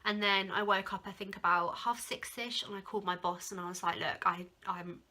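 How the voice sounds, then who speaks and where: Speaking a little fast with a steady tone, her medium-pitched voice sounds pushed and bright. The young English vlogger chats casually to camera, recounting a personal ordeal in a rambling way, using "like" constantly along with other fillers and getting emotional at moments.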